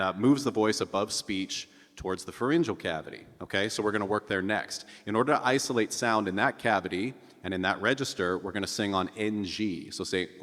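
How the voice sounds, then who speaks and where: A man teaching a singing lesson as a vocal coach, explaining clearly and often checking in with "okay?". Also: fairly low pitch, fairly bright tone. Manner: instructive, checks in with "okay?", calls out over the exercises. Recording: long reverb with piano music behind. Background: piano.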